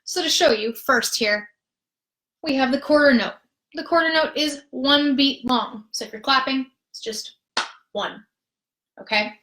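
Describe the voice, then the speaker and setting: A woman music therapist leading a rhythm lesson in a patient, upbeat way, counting beats aloud slowly. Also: high-pitched, a bit bright. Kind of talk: live-streamed rhythm lesson. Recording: roomy echo.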